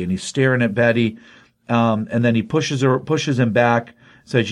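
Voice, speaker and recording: A man's voice: medium pitch, steady tone, brisk. A man co-hosting a comics podcast, retelling a comic's plot in a rambling, enthusiastic way. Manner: rambling, enthusiastic, filler-heavy. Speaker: podcast co-host, comics reviewer.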